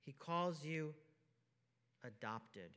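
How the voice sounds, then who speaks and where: A man preaching a sermon as pastor, emphatic, asking rhetorical questions and swinging from hushed to loud. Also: on the high side, lively intonation, very slow, smooth. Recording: long hall reverb.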